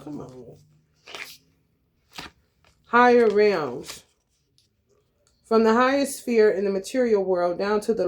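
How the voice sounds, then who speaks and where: A woman's voice: fairly high pitch, darkish tone, a little hiss or hum. A woman hosting a spiritual channel, talking in a blunt, profane, streetwise way as she reads scripture aloud and riffs on it in a casual monologue.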